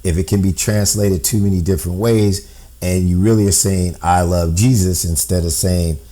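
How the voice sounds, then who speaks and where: Low slow guy walking through a code on screen, dark mellow tone, keeps saying right?. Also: fairly even intonation. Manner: thinks aloud, often checks in with "right?". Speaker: amateur code-breaker. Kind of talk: explaining on a shared screen.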